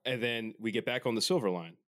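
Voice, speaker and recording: A man's voice: on the low side, fast talker, a bit bright. Man, podcast co-host, casual chat, rambling stories, swears a lot. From Philadelphia. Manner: rambling storytelling, heavy swearing.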